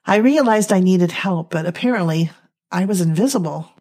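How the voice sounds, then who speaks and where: A young woman telling a dramatic first-person story in a slow, emotional, halting reading. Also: lowish voice, animated, a little mellow. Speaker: narrator.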